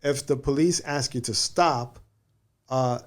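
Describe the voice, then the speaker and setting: A man's voice: mid-range voice, takes it slowly. A man, a criminal defense attorney, patiently explaining legal rights in a casual podcast conversation and often checking in with "right?".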